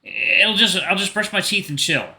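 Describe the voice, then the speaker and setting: A man's voice: sits high, sing-song, normal speed, creaky, sharp tone, pitched above the performer's own voice, heavily acted. A man voicing an anxious, earnest young man from a visual novel who talks himself through his nerves. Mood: uneasy. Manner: nervous, self-reassuring.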